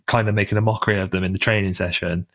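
A man's voice: deep voice, flat delivery, rapid-fire, fairly bright tone, dry recording, studio quality. A young man, a podcast co-host chatting about football in a laid-back, blunt way. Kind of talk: casual football chat.

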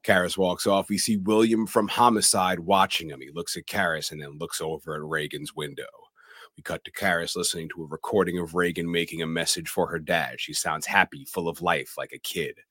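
Deep husky guy walking thru a movie scene by scene, dry close sound. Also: fairly even intonation, brisk, a bit bright, no echo. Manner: retells film scenes plainly, reading out dialogue. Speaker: podcast co-host. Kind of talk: casual podcast recap.

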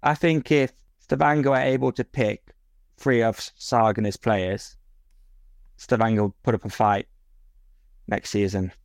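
Low-voiced man, dry joking chat. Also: fairly even intonation, a little slow, creaky, pauses often, dry recording. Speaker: podcast co-host. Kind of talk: casual chat.

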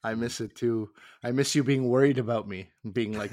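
A man in casual banter, telling self-deprecating stories with a wry edge. His voice is mid-pitched. The recording is dry and close to the mic. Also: a little fast, hardly any pauses, dry recording. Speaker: co-host.

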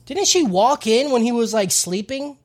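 A husky-voiced woman talks with wide swings in pitch. She is blunt and sarcastic in casual banter and swears freely. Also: very animated, normal speed. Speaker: podcast co-host. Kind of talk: casual group chat about anime.

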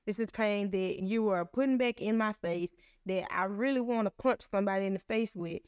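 A young woman hosts a faith podcast in a smooth, clear voice. She tells stories openly and plays out both sides of conversations. The sound is dry and close, with no room around it. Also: mid-range voice, a little fast, no room sound. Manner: candid, animated storytelling with acted-out dialogue. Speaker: podcast host. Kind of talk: casual faith podcast chat.

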